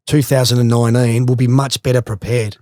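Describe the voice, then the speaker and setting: A man's voice: medium pitch, fairly quick, dry recording, clean studio sound. A middle-aged Australian man, a former footballer, telling swearing, laughing stories as a podcast guest. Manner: swearing, laughing, animated anecdotes. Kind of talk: casual storytelling.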